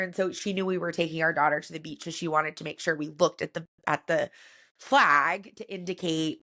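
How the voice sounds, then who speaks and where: A woman with a slightly low voice shares a personal family story as a podcast co-host. She speaks softly and reflectively, with plenty of casual fillers between her thoughts. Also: fairly even intonation, fairly quick. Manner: soft and reflective, with many fillers like "like" and "you know".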